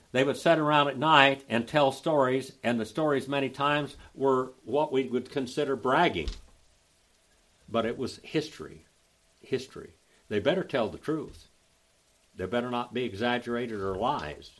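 An older man with an Oklahoma Southern accent, teaching a Bible study in a folksy, drawling way and spelling out the Greek grammar slowly. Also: mid-range voice, a bit bright.

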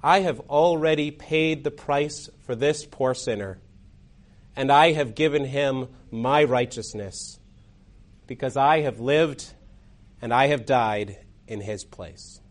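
A man preaching, voicing Christ as a calm advocate before a judge, in a quiet, solemn way. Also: mid-range voice, slow, pitched below the performer's own voice, close to an everyday voice.

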